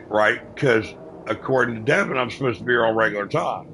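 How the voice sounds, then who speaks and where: A man's voice: medium pitch, a little fast, noisy background. A man telling a story about his workday in a casual, blunt and profane manner. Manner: profane, blunt, animated retelling. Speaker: owner driver telling a work story.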